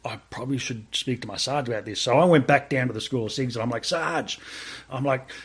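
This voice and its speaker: His voice is mid-range and husky, his delivery brisk: an Australian man who's a veteran podcast guest, swearing freely as he casually recounts a story and performs the dialogue.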